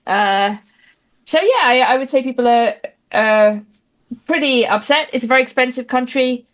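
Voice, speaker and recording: A woman's voice: high voice, expressive, moderate pace, fairly bright tone. A woman, chatting as an interview guest, talking wryly with many fillers and restarts. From Britain. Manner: dry, wry humor with many fillers and restarts. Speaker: guest commentator. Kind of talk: casual interview chat.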